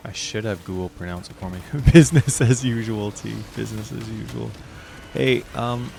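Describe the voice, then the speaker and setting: A man chatting casually while playing a video game, curious and thinking out loud, with bursts of giggling. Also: on the low side, vocal fry. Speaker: gaming streamer. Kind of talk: casual gameplay commentary.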